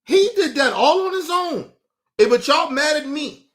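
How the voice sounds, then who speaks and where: Man, livestream host, high voice, bright, mocking, profane, talks to his chat. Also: lively intonation, measured pace. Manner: combative, profane, mocking, addresses chat directly. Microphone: streaming setup mic.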